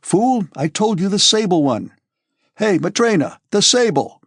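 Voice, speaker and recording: A man's voice: on the high side, lively intonation, slightly rough, no room sound, studio quality. A man doing a bold, commanding officer. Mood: bossy. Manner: brisk, commanding, shouts orders. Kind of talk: audiobook character voice.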